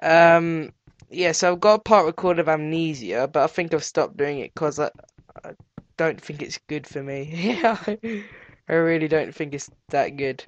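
A teenage boy with a cold and sore throat, doing let's play commentary as a gaming channel host, excitable and yelping at discoveries. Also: a little high, moderate pace, no echo, dull audio. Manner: excitable, yelps and squeals at discoveries, chatters to animals.

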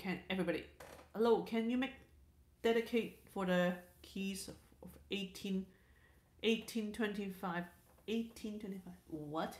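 A woman's voice: mid-range voice, a little slow, darkish tone, reverberant. A woman hosting a casual livestream, reading viewer comments aloud in a chatty way, repeating words and restarting sentences. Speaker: livestream host.

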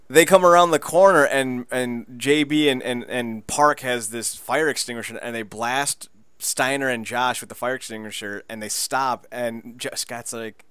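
A man co-hosting a podcast, excitedly recapping a show in casual chat, laughing and swearing as he goes. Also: mid-range voice, measured pace, clean tone, dry recording. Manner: excitable, laughing, profane storyteller. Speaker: podcast co-host.

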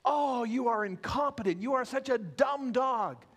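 A man's voice: a little high, sing-song, normal speed, husky. A man voicing an exasperated male dog owner who scolds dismissively, in an echoey church hall. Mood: scornful.

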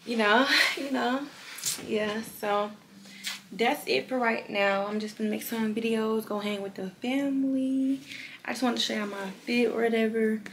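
A woman's voice: on the high side, steady tone, normal speed, slight background noise. A young woman chatting casually to her viewers. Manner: chatty, slangy, talks straight to viewers. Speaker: vlogger. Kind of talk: casual vlog chat.

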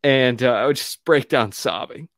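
A man speaks slowly and haltingly as a radio show guest, full of fillers and restarts as he shares something painful. His voice sits at an ordinary middle pitch. The sound is close and dry, as from a studio mic. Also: gravelly, fairly bright tone, no echo. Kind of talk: candid personal story on a talk show.

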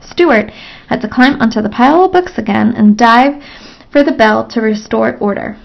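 A woman reading a children's chapter book aloud in a steady storytelling manner, on a lo-fi recording. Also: on the high side, normal speed, creaky. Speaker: storybook reader.

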